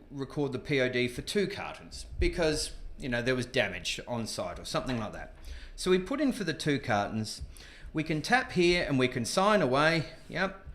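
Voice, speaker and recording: A man casually presenting a software tutorial, chatty and informal with frequent asides. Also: fairly high pitch. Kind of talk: casual screen-demo tutorial. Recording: echoey room.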